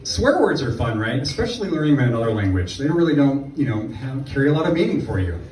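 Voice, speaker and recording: A man's voice: medium pitch, big pitch swings, quick pace, darkish tone, a little hiss or hum. Man doing sarcastic stand-up, echoey club. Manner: sarcastic, rambling storytelling with asides. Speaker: stand-up comedian. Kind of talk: stand-up comedy set. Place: comedy club stage. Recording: echoey club room from far off. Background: audience laughter.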